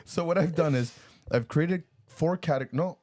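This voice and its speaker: A man co-hosting a podcast in casual chat, animated and rambling, laughing often and restarting his sentences. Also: fairly high pitch, a little slow, no room sound, clean studio sound. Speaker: podcast co-host.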